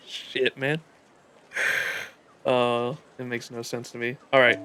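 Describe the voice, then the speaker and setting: A man's voice: mid-range voice, steady tone, takes it slowly, pauses often, sharp tone, slight background noise. A man streaming a game live, reacting casually and thinking aloud, with loose swearing and stumbling restarts. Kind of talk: live gameplay commentary.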